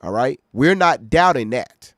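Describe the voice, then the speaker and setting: Man, reaction host, mid-pitched voice, dry close sound, emphatic, keeps asking "all right?". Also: expressive, a little slow, fairly bright tone, dry recording. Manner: emphatic, keeps checking in with listeners. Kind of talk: casual commentary to viewers.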